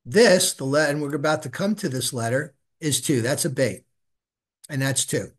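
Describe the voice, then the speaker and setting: A man's voice: a little high, animated, moderate pace. A middle-aged man teaching a Hebrew reading class, patiently saying each sound and having the students repeat it. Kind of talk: live class instruction.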